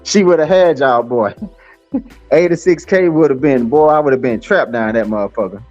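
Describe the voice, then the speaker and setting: A man's voice: mid-range voice, normal speed, a little mellow, dry recording, faint music behind. Man, rambling profane stream rant, fillers galore; dry, dull lo-fi audio. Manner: cursing, taunting, rambling with many fillers. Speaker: livestream host.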